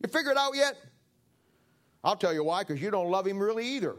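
A man's voice: sits high, lively intonation, brisk. A man preaching a sermon in a folksy, joking way, acting out little everyday scenes. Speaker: pastor.

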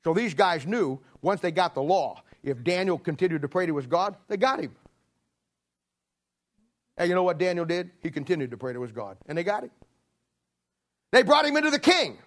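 A middle-aged man preaching a sermon, acting out a story with lively storytelling. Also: fairly high pitch, fairly quick. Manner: animated storytelling, acting out scenes.

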